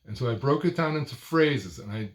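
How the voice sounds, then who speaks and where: Teaching speech technique straight to camera, this older speaking coach talks in brief, measured phrases, each with a stressed word close to its end. His voice sits at medium pitch, and his delivery is expressive, bordering on sing-song.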